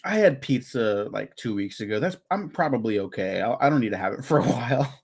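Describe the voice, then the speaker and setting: A man's voice: medium pitch, lively intonation, a little fast, gravelly, breathy edge. A young man co-hosting a movie podcast, laid-back and chuckling. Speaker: podcast co-host. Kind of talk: casual movie commentary chat.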